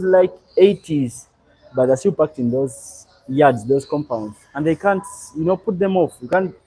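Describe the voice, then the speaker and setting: A young man from Uganda, hosting a live stream and chatting in a relaxed, rambling way as he answers viewers. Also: a little high, breathy edge, rough recording. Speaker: livestream host. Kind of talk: casual live stream chat.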